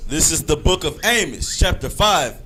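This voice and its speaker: A man reading Bible verses aloud in a measured, formal way. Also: fairly high pitch, lively intonation, pushed and bright, slight background noise. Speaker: scripture reader.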